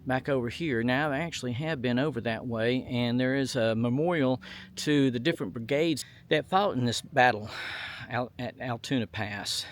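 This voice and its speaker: A man narrating an outdoor history tour, reading plaques aloud in a folksy way with fillers. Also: medium pitch. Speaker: vlogger touring historic sites. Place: outdoors at a memorial site on a hot day.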